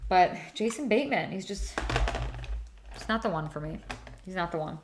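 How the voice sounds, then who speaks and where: A woman's voice: on the low side, expressive, moderate pace, a little hiss or hum. A young woman chatting casually to viewers while doing her skincare on a livestream, giggly and reacting to comments. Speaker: beauty livestream host.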